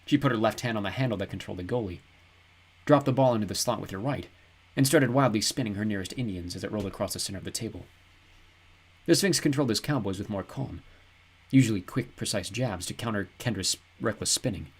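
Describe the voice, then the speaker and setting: A man reading a novel aloud as an audiobook narrator, in an even, descriptive storytelling manner. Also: fairly low pitch, fast talker, husky. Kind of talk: scripted narration.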